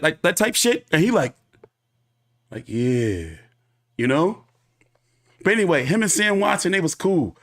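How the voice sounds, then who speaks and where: A male boxing commentator tells a story in a loose, profane monologue. His fairly high voice swings widely up and down as he acts out the people he quotes. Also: fairly bright tone. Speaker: boxing commentator and show host.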